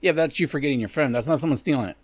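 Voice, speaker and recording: A man's voice: on the high side, very fast, no echo. A man co-hosting a podcast who teases and mocks his friend, swearing freely. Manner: teasing, mocking, profane. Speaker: podcast co-host. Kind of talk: casual chat.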